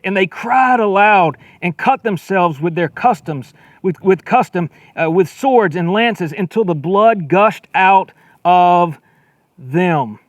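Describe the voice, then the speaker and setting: A man preaching a sermon as pastor, reading scripture aloud and retelling it in a conversational way, repeating words as he gets excited and acting out quoted lines. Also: high-pitched, takes it slowly, no room sound, studio quality. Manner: acts out quoted lines with a raised voice.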